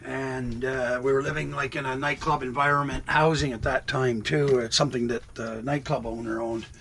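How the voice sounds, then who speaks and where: A man's voice: mid-range voice, steady tone, normal speed, a bit bright, a little hiss or hum. A man in his sixties chatting casually in a rambling way while cooking in his RV kitchen, talking to his cats now and then. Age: 60s. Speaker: RV vlogger. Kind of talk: casual cooking vlog chat.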